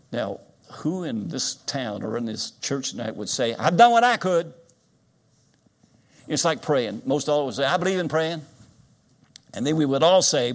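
An older man delivering a sermon from the pulpit. His voice sits at an ordinary pitch but keeps rising to loud, stretched-out peaks, then drops back to a hush. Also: gravelly. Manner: dynamic preaching, swings loud and soft. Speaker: guest preacher.

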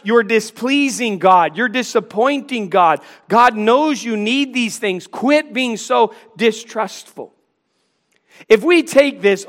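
A man's voice: high voice, fairly bright tone. A man preaching a sermon, earnest and pleading, acting out questions and answers between Jesus and a disciple.

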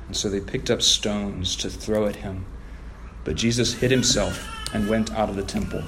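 A man's voice: fairly low pitch, moderate pace, a bit bright. Man preaching an emphatic sermon. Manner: preaching with emphatic rising stresses. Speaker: pastor.

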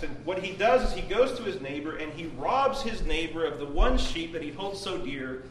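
Earnest preacher, roomy and distant. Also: male voice, a little high, lively intonation, moderate pace, few pauses. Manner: earnest, emphatic storytelling with swings in loudness. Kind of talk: devotional sermon. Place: room at a prayer meeting. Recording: roomy distant recording with background noise.

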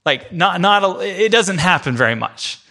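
Animated and creaky, with a high-sitting, pushed, bright voice, he moves at a moderate pace. He's teaching a church class in conversational style, addressing listeners directly while narrating a vivid everyday scenario in the second person.

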